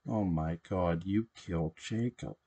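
Man reading as an anxious hermit witch mother, slow, urgent, pleading, storybook. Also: deep voice, warm tone, husky, heavily acted. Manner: soothing but urgent, begging.

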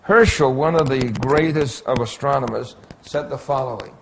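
A man giving an illustrated Bible lecture, pointing out details on slides in a slow, deliberate way. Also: mid-range voice, creaky, a little hiss or hum. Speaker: Bible teacher.

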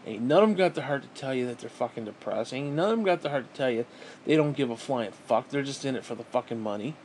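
A man's voice: mid-range voice, expressive, fast talker, a little mellow, slight background noise. A man venting in a bitter, profane, rambling monologue to camera as a vlogger, often restarting his sentences.

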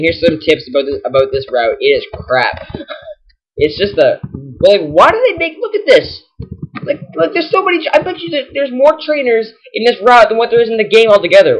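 Young male gamer narrating his playthrough, animated and fed up, shouting at foes. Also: fairly high pitch. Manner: excitable, exasperated, yells at enemies. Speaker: gaming channel host. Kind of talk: casual let's-play commentary.

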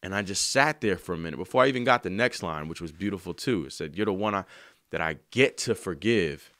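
Man, low voice, animated pitch, earnest, slangy, dry close recording. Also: fairly quick, no room sound. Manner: earnest, emotional, slangy, sings lines softly. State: choked up. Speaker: songwriter. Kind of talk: heartfelt spoken testimony.

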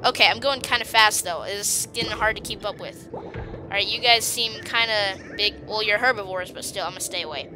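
A woman giving casual, excitable commentary on her gameplay, taunting creatures on screen and giggling often. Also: medium pitch, moderate pace, over music. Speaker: gaming video host.

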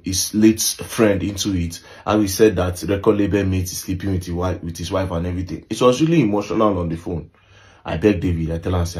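A man's voice: deep voice, a little mellow. A young adult man with a Nigerian accent telling a story in casual talk, mixing Pidgin and English and often asking "you understand?". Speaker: social media commentator.

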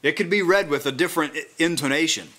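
A man with a bright, fairly high voice preaches a sermon at a small house church gathering. He reads scripture slowly and deliberately, then talks through its meaning in a relaxed, conversational way.

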